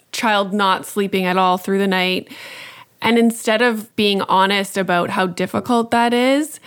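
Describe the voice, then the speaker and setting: Slow-talking woman podcast host. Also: medium pitch. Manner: relatable, conversational. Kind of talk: podcast interview.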